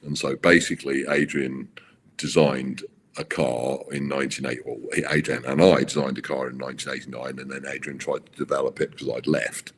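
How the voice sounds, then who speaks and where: A middle-aged man, a racing car designer, telling stories in an interview with halting restarts and acted-out quotes. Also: rumbling low, flat delivery, a little hiss or hum. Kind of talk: animated storytelling interview.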